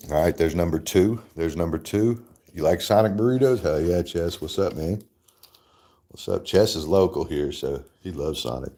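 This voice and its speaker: A man with a deep, warm voice hosts a casual livestream at a moderate pace while eating. He rambles, swears freely and laughs often.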